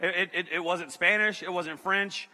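A man's voice: high voice, moderate pace, long reverb tail. A man preaching, telling a funny story and often checking in with "okay?". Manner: animated, keeps checking in with "okay?". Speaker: pastor. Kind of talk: comedic sermon storytelling.

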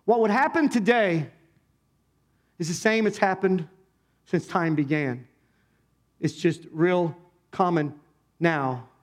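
Male pastor, fairly high voice, animated conversational sermon, keeps questioning the congregation. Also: slow pace, pauses often. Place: church, speaking to a congregation.

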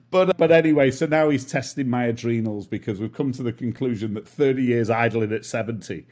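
Husky self-mocking British man. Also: mid-range voice, a little fast, hardly any pauses, darkish tone. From Britain. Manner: self-mocking, laughs often. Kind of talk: casual chat.

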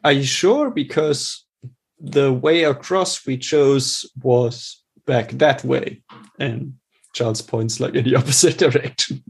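Man player, slow and husky, dry wry humor in casual tabletop play. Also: mid-range voice. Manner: dry, wry, laughing at his own failures.

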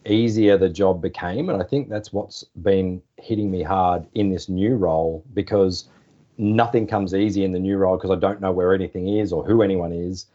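In a casual storytelling interview, a former sports journalist from Australia, in his forties, shares relaxed anecdotes and acts out the phone calls he quotes. His voice is low-pitched and his pace normal, with slightly dull podcast audio.

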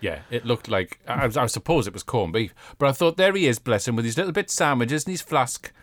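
A man's voice: mid-range voice, lively intonation, fairly quick, dry recording. A British man co-hosting a podcast, retelling an episode in jokey, chatty storytelling. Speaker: podcast co-host. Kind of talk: casual chat review.

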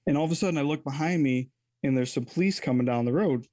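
A man's voice: fairly high pitch, fast talker, mellow, dry recording. A man telling a personal story as an interview guest, candid and rambling, often correcting himself mid-sentence.

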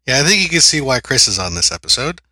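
Chill co-host guy explaining stuff, lots of uhs, bright voice. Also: mid-range voice, fast, dry recording. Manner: relaxed, many filler words. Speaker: podcast co-host. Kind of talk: casual podcast chat.

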